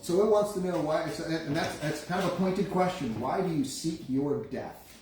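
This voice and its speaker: A game master narrates a live tabletop session, his voice slightly high for a man. He tells the scene in halting bursts, restarting his sentences. He sounds far off in a very echoey room with a faint hiss. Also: darkish tone. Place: room around a gaming table. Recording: echoey room, distant mic, faint noise.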